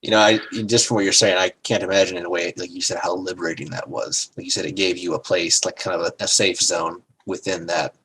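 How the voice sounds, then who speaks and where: A man's voice: sits low, flat delivery, quick pace, hardly any pauses, a bit bright, a little hiss or hum, poor audio. A man hosting an interview, talking loosely and searching for words with many fillers. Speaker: podcast host. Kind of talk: casual interview chat.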